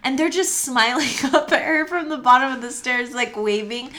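A woman's voice: high-pitched, normal speed, pushed and bright. Young woman laughing through movie chat. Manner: casual, laughing, frequent "like". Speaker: podcast co-host. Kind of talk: casual film discussion.

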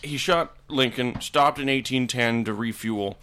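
A man in casual podcast banter, telling rambling absurd tall tales in a deadpan, profane way. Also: mid-range voice, measured pace.

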